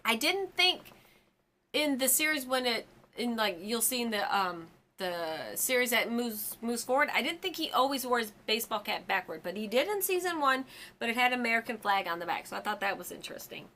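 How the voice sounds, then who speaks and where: A woman's voice: fairly high pitch, animated, a little fast, bright, forceful tone. A woman in her forties hosting a fan channel, chatting casually and rambling about a TV episode with lots of ums and side stories. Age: 40s.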